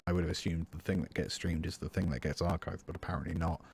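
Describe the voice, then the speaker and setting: Slight background noise accompanies a fast, gravelly, low-pitched voice with a darkish, steady tone. It belongs to a British music teacher who chats through a live composition tutorial, thinking aloud and taking viewers' questions between steps.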